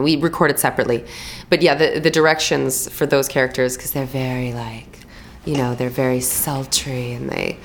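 A young actress and voice actor in a casual interview, telling stories with animated restarts and playful imitations. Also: female voice, low-pitched. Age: young adult. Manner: animated storyteller, quick restarts, lively imitations.

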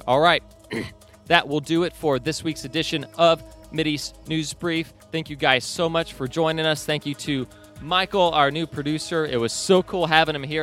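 A man's voice: mid-range voice, fairly bright tone. A man hosting a news commentary podcast, reading book passages aloud with his own asides. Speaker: podcast host.

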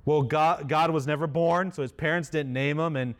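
A man delivers a sermon in an easygoing, conversational way. His voice sits a little high for a man, and he slips in self-deprecating jokes as he explains the text. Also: fairly even intonation, moderate pace. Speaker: pastor.

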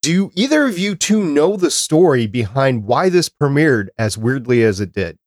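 Hosting a chatty podcast, a man with a mid-range voice, big pitch swings and a moderate pace runs through dates and lists. The recording is clean and studio-quality, free of echo.

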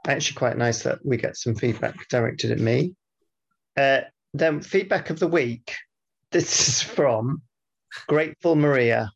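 A man's voice: mid-range voice, measured pace, gravelly, breathy edge, lo-fi sound. A man co-hosting a podcast in casual chat, reading out listener feedback and rambling with many fillers and restarts. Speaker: podcast co-host.

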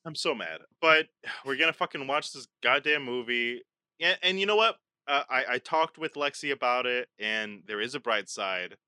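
Male podcast host, very bright forceful tone, dry close sound, theatrical and profane. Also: mid-range voice, normal speed, clear, resonant tone, dry recording. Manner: theatrical mock outrage, profane. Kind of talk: casual chat.

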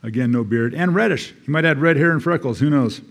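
American male church elder, mid-pitched, folksy sermon delivery with scripture readings. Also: quick pace, fairly bright tone. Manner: conversational, reading scripture aloud with asides.

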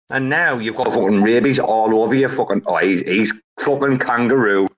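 A man's voice: mid-range voice, normal speed. A man hosting a casual live audio-room chat, rambling, swearing heavily and hyping things up. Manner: profane, rambling, hyped-up. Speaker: host.

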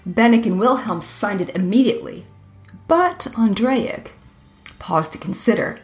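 A woman narrating a fairy tale in an even, measured reading. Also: medium pitch, soft background music. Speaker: storyteller.

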